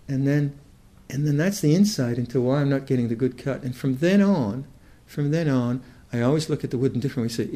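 An older meditation teacher, mid-range in voice, talks in a mellow, relaxed way and thinks aloud as he goes. Unhurried like a dharma talk, he is thoughtful and halting, starting phrases over many times before settling into his point.

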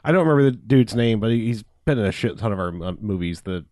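A man's voice: fairly low pitch, expressive, fast talker, a little mellow, dry recording, studio quality. Laid-back man recapping a film. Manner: laid-back, rambling, laughs often. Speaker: podcast co-host. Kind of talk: casual movie recap chat.

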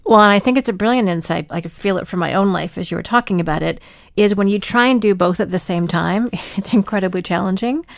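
A woman's voice: medium pitch, fast, gravelly, no room sound, clean studio sound. A woman co-hosting a podcast who talks thoughtfully, sums up ideas and affirms what she hears. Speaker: podcast co-host. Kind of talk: conversational podcast talk.

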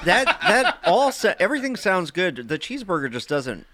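A man co-hosting a casual podcast, teasing the others with quick jabs. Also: high-pitched, sing-song, bright, forceful tone, no echo. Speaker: podcast co-host. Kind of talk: casual banter.

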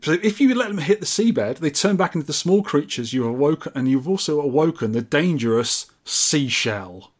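Husky man, lively pitch. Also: normal speed, hardly any pauses. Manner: playful, wry, reads out specs with mock grandeur. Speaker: podcast host. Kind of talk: casual podcast chat about retro games.

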